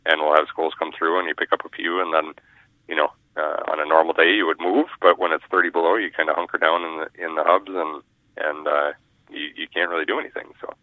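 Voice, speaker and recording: Low voiced minnesota fishing guy calling in, dull phone sound, lots of ums and restarts. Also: little pitch movement, quick pace, no echo. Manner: rambling, repeats words, many fillers. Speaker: fishing guide. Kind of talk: casual radio interview. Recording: muffled phone line.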